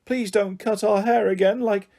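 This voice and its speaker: Cheeky tech-mad girl, read by a man, pitched well up and bright-eyed. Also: steady tone, moderate pace, creaky. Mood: chirpy.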